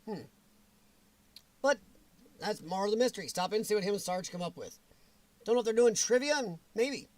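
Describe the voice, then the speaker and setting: A man's voice: high voice, animated, normal speed, pauses often, a little mellow, no room sound. A man hosting a livestream in casual chat, greeting viewers by name and laughing often, his voice strained and weakened. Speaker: livestream host.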